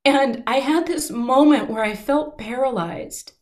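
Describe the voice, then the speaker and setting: A middle-aged woman telling a personal story in an interview, earnest and heartfelt, slowing down at the emotional moments. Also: high-pitched, darkish tone.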